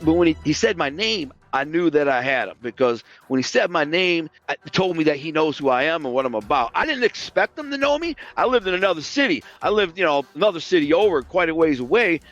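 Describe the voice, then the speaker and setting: A man's voice: fairly high pitch, a little fast, lo-fi sound, faint music behind. A man from the Detroit area telling stories in a casual, streetwise way, acting out the dialogue as he goes. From Detroit area, United States. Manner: streetwise, animated, acts out dialogue. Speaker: guest, former mobster. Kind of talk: casual storytelling.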